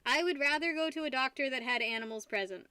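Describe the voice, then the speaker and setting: Tipsy young woman, bright voice. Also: high-pitched, fast talker, clear, resonant tone, no room sound. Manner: rambling, giggly, talks to her dog. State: tipsy from wine. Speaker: streamer. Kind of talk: casual live-stream chat.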